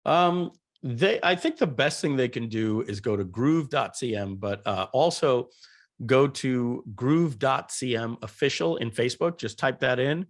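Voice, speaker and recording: A middle-aged man, a guest on a podcast, telling stories in an animated, rambling way and often repeating words. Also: medium pitch, a little slow. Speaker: guest entrepreneur. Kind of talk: podcast interview storytelling.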